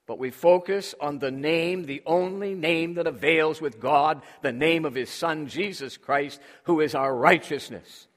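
A man's voice: fairly high pitch, a bit bright. A man preaching a sermon with emphasis, drawing responses from his congregation. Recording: long hall reverb.

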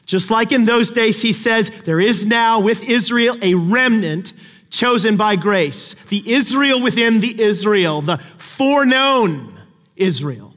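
High-voiced pastor preaching, animated and emphatic, long hall echo. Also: male voice, measured pace. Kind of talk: sermon.

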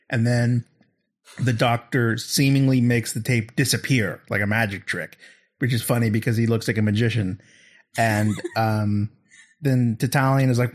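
A man's voice: medium pitch, steady tone, normal speed. A man in a casual podcast chat, retelling an episode in a rambling way and acting out the characters' lines. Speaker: podcast host.

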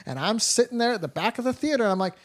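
A man's voice: high-pitched, animated, rapid-fire, fairly bright tone. A man hosting a podcast, swearing freely and telling a movie story with acted-out quotes in casual chat.

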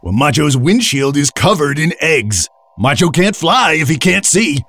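A slow, third-person space captain. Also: male voice, a little high, big pitch swings, fairly bright tone, no echo, exaggerated voice. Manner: refers to himself in third person, stiff and formal. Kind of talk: kids' audio drama.

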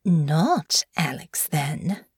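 A woman's voice: mid-range voice, very animated, measured pace, a little mellow, breathy edge, no echo, clean studio sound. A woman voicing a cold, calculating young noblewoman who speaks in a detached, matter-of-fact way.

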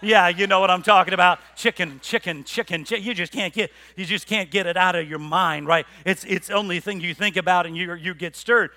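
A male pastor delivering a passionate sermon to his congregation, swinging from loud rallying appeals to low, quiet emphasis. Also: brisk, hardly any pauses, no echo. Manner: passionate preaching, swelling loud then dropping low; repeats words, conversational asides to the congregation. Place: church.

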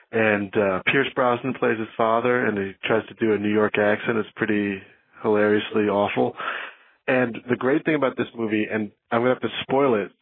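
A podcast host leaving a casual, chatty phone message. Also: male voice, fairly low pitch. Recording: tinny phone line.

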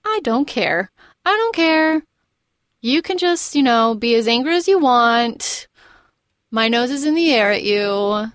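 A woman's voice: fairly high pitch, expressive, a little slow, fairly bright tone, dry recording. Woman doing an aloof, snooty candlestick man, dry close sound. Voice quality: haughty, dismissive. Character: haughty indifferent male candlestick servant.

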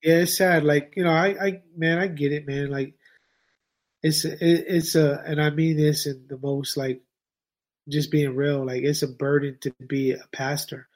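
Slangy man with a fairly high voice. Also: flat delivery, a little slow. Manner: informal slang, emphatic repetition. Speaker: podcast guest. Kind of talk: casual chat.

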